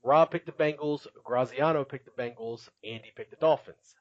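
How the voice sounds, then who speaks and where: A man's voice: medium pitch, normal speed, dry recording, lo-fi sound. A man hosting a casual podcast, chatty and laughing often as he recaps, with many filler words. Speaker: podcast host.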